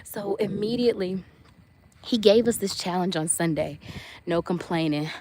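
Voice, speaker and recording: Woman, slightly low voice, live-stream host telling her faith stories with lots of expression, faint background hiss. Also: normal speed. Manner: expressive storytelling, talks to viewers by name; faith-centered, testimony-like reflection. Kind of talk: casual live-stream chat while folding laundry.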